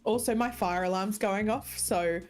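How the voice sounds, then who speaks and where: A woman's voice: medium pitch, moderate pace, darkish tone, faint music behind. Chatty Australian woman co-host. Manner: chatty, emphatic, with playful asides. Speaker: podcast co-host. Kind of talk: casual chat.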